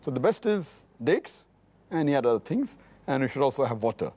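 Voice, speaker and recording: A middle-aged Islamic scholar fields questions in a mid-range, slightly mellow voice with a breathy edge and big pitch swings. Measured in manner, he explains rulings, gives exact hadith book and number references, and restates his points.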